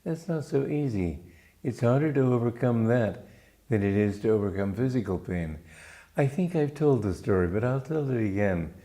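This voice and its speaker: A man from Romania, a spiritual teacher giving a gentle, unhurried reflective talk with small restarts. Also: medium pitch, animated.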